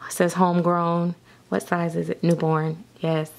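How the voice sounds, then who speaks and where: A woman chatting excitedly and nervously through an unboxing vlog, with frequent giggles and gasps. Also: fairly low pitch, a little slow, vocal fry. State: nervous and jittery. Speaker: vlogger.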